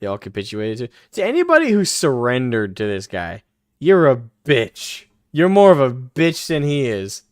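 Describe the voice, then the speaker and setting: Animated, foul-mouthed male live-stream host. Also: mid-range voice, moderate pace, no echo, clean studio sound. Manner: profane, mocking, laughs often. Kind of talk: live reaction commentary.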